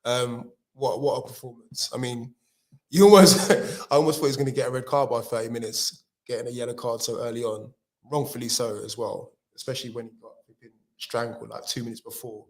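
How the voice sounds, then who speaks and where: A man's voice: medium pitch, fairly even intonation, a little fast. A man rating players as a fan pundit in a casual post-match chat, enthusiastic and joking.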